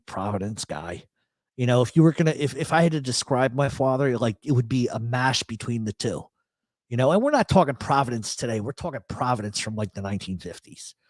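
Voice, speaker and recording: A man's voice: mid-range voice, no room sound, clean studio sound. A man hosting a casual live talk show, reading out chat comments in a rambling, blunt way with plenty of swearing and emphatic repetition. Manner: emphatic agreement, repeats himself. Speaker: radio show host.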